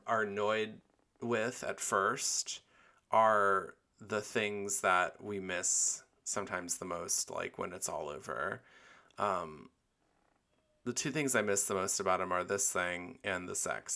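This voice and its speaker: Gravelly, bright-voiced young man chatting. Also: fairly low pitch. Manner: candid and chatty, many fillers and giggles. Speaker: podcast host. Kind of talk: casual solo podcast chat.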